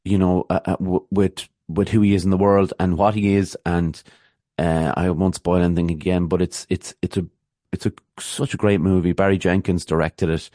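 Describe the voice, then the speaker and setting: Deep-voiced man talking films. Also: level tone, moderate pace, dark tone, no echo, studio quality. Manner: rambling, full of restarts and fillers. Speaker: podcast host. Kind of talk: casual film talk.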